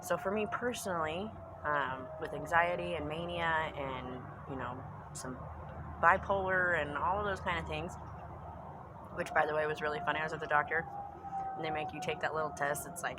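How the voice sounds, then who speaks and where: Speaking a little fast in a low voice against a noisy background, a pagan spiritual vlogger reflects casually from her home basement. Her talk is earnest and meandering, with repeated phrases for emphasis and trailing asides.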